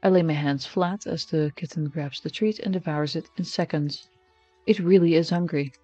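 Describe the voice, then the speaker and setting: A man's voice: on the high side, normal speed, dark tone, no room sound, faint music behind. A man streaming, reading a text game aloud in first person with casual, wry asides. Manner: casual, wry asides between narrated lines.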